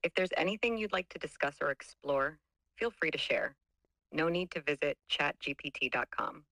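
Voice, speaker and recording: A synthetic woman's voice of an AI chat assistant, smooth, upbeat and conversational. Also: sits low, animated, moderate pace, bright, forceful tone, dry recording, poor audio. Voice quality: smooth, upbeat text-to-speech voice.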